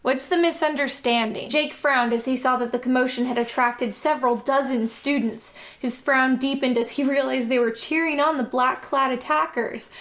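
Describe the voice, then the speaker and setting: A woman's voice: high-pitched, fairly even intonation, normal speed, hardly any pauses, a bit bright. A woman reading a novel aloud and breaking in with sarcastic, amused comments.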